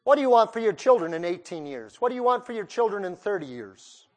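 A man's voice: high-pitched, very animated, quick pace. A male preacher delivering a sermon, putting pointed questions straight to his listeners. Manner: questions the listeners directly, emphatic.

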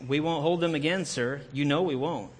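A man's voice: a little high, moderate pace, slightly rough. A man doing a blunt old sergeant. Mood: grim. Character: old hard-nosed male sergeant.

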